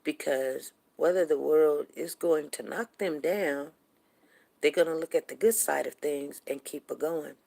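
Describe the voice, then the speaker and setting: A middle-aged woman with a low voice and a gravelly edge tells a personal story in a casual way. She gets animated and repeats words for emphasis. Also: unhurried. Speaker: show host.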